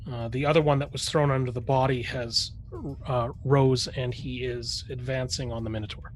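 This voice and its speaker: A man acting as game master, describing the fight in a mid-pitched, everyday voice. He talks haltingly, stopping and restarting often. A faint hiss sits behind him. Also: little pitch movement. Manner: halting, with many fillers and restarts. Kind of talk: narrating a tabletop game.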